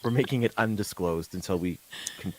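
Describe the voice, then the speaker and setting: A man's voice: fairly low pitch, a little fast, slight background noise, poor audio. A man hosting a casual live morning show, joking and teasing his co-host with lots of fillers.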